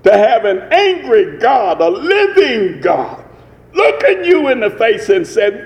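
A man's voice: extremely high pitch, wildly swooping pitch, slow pace, big-room sound. A man preaching a sermon with emphatic rising cadences and repetitions.

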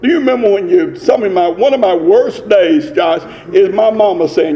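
Slow, animated preacher in a reverberant hall. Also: male voice, high voice, muffled recording. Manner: emphatic, preaching in rising cadences and repetitions. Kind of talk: sermon.

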